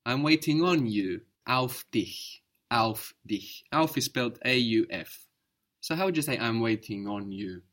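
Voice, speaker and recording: A man's voice: medium pitch, animated, a little slow, fairly bright tone. A man teaching a spoken language lesson, patiently explaining and modeling each word carefully.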